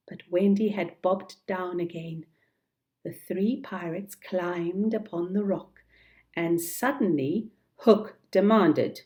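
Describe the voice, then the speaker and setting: Slow, low-voiced woman storyteller. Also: darkish tone. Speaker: storybook reader. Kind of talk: children's storybook narration.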